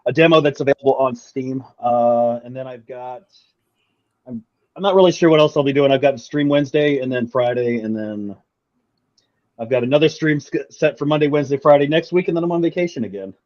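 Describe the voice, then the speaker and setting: Southern US man, halting casual chat, middle pitch, muffled lo-fi sound. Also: a little mellow. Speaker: guest streamer.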